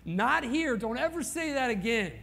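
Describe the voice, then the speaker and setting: A man's voice: very high-pitched, animated, moderate pace, gravelly, a bit bright, slight background noise, exaggerated voice. A preacher quoting a blunt young man. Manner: blunt, firm and scolding.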